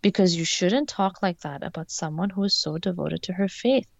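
A gentle, earnest schoolboy who talks in a calm, soothing way, as read by a woman. Her voice is low with a gravelly edge, in a dry, dull-sounding recording. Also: normal speed, no room sound.

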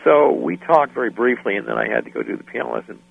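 Gravelly man on a tinny line. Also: mid-range voice, quick pace, no echo. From United States. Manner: animated anecdotes, acts out quoted voices; laughs often. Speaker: guest, musician. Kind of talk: storytelling interview. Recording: dry phone-line sound.

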